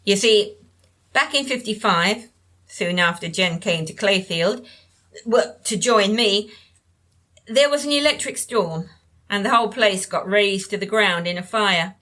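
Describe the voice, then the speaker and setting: A woman voicing a frail, evasive older woman in an audiobook, with a nasal voice and a halting, drifting way of talking, as if to herself. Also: medium pitch, sharp tone. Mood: wistful. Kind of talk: audiobook character reading.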